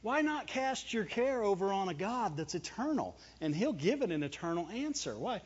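A male pastor with a high, husky voice preaches in a conversational, chuckling way, very animated. He fires off quick rhetorical questions and then answers them, and the recording sounds dull and lo-fi.

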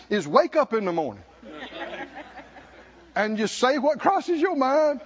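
An older man preaching a conference sermon, animated, acting out voices and drawing responses from the congregation. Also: very high voice, unhurried, long pauses, breathy edge. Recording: dull lo-fi live recording.

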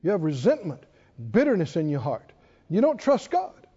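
A male preacher giving an animated sermon, reading scripture aloud and acting out the quotes. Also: sits high, normal speed, husky. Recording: dull recording in a reverberant hall.

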